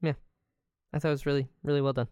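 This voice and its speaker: A woman's voice: very deep voice, little pitch movement, fast talker, a little mellow, clean tone, no echo, clean studio sound. A woman co-hosting a podcast in casual chat, laid-back and drawling with lots of filler words. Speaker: podcast co-host.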